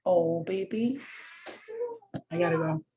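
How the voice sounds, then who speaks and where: Young new woman, cussing and rambling, laughing a lot, mellow voice, echoey room. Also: fairly low pitch, slow. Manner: profane, rambling, laughs often. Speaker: vlogger. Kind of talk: casual storytelling. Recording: roomy echo.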